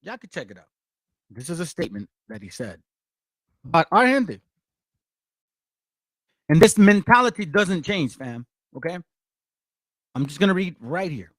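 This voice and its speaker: A man's voice: fairly high pitch, sing-song, measured pace, long pauses, fairly bright tone, no echo, clean studio sound. A man, hosting a blunt, confrontational and profane commentary for viewers. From Mexico. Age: 40s. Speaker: channel host.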